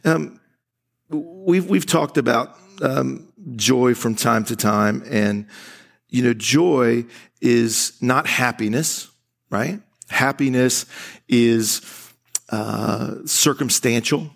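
A man's voice: mid-range voice, very slow, creaky. A man preaching a sermon at a church service in a conversational way, often restarting his sentences. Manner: conversational, laughing often, acting out quoted voices; frequent restarts and stammered starts. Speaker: pastor.

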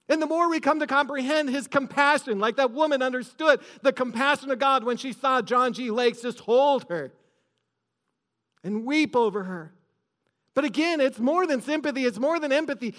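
A man's voice: extremely high pitch, a bit bright. A man preaching a sermon to his church with rising emphasis, recorded in a large hall. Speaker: pastor.

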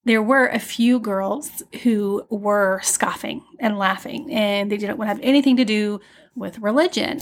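A woman hosting a devotional podcast, talking gently and off the cuff with fillers, and reading hymn verses slowly and tenderly. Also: mid-range voice. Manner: gentle, unscripted, with fillers and restarts. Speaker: podcast host.

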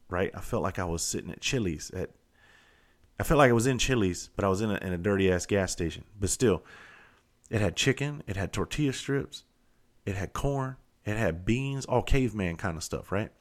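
A man in his forties with a Southern US accent, telling a rambling, profane story in a casual monologue. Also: fairly low pitch. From Southern United States. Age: 40s. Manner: profane, animated, rambling and self-interrupting. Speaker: vlogger.

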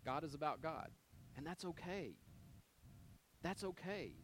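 A man preaching a sermon, retelling a Bible story with lively quoted dialogue and loose, conversational fillers. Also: fairly high pitch, unhurried, a little hiss or hum. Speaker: pastor.

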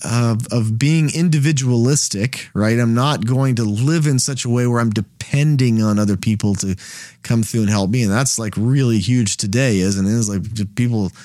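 A man's voice: mid-range voice, darkish tone, no echo, studio quality. A man hosting a Bible study, teaching in a conversational way and checking in with frequent "right?" questions and restarts.

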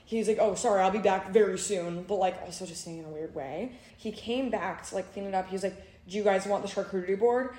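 A young woman chats on a podcast, spinning a long story and jumping into the voices of the people in it. Her pitch sits in the middle for a woman, and the room around her rings with a noticeable echo. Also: fast talker, few pauses. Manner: lively storytelling, acting out quotes. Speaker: podcast co-host. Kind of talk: casual chat. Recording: roomy echo.

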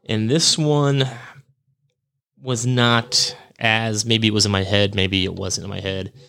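Man, podcast host, casual storytelling, slightly low voice, rambling and self-correcting. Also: steady tone, slow, creaky, a bit bright, smooth.

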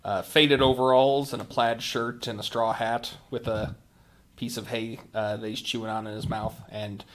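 A man with a Midwestern accent, narrating and running a tabletop role-playing game in a relaxed, wry way. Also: mid-range voice, moderate pace. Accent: Midwestern American. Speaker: game master.

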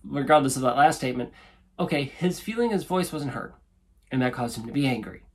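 Earnest husky-voiced man giving advice. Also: a little fast. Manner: earnest, repeats points for emphasis; animated, acts out quoted speech in a higher voice. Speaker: relationship advice host. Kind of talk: casual advice monologue.

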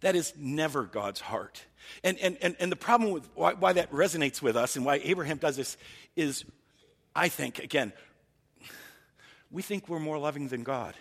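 A man's voice: a little high, lively intonation, normal speed, gravelly, long pauses, fairly bright tone, in a large hall. A man preaching a sermon as pastor, earnest and thinking aloud, often restarting his sentences.

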